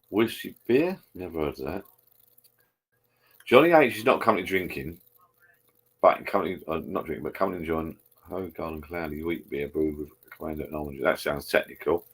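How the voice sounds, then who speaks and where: A middle-aged man in a loose, rambling live-stream chat, stopping now and then to read out viewer comments. His voice sits very low and comes across husky and a little rough.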